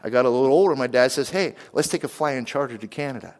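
A man from western Pennsylvania preaching a sermon, lively, and he keeps asking the crowd questions. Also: medium pitch, fast talker. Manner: animated, asks the crowd questions. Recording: long hall reverb.

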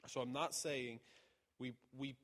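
A man's voice: mid-range voice, fairly even intonation, a little slow, a bit bright. Male preacher, casual sermon delivery with fillers and restarts, echoing hall. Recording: long reverb of a large hall.

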